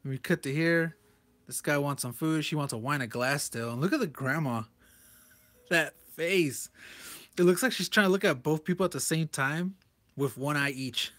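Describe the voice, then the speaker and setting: A man's voice: on the high side, normal speed, a bit bright. A man reviewing a comic book page by page in a loose, rambling way, chuckling often as he talks. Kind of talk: casual comic commentary.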